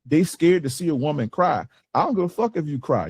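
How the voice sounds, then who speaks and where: A man's voice: fairly high pitch, big pitch swings, fairly quick, a little mellow, breathy edge, no room sound. Blunt cussing dating coach guy, aave, dry close sound. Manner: blunt, profane, emphatic. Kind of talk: casual coaching talk to a group.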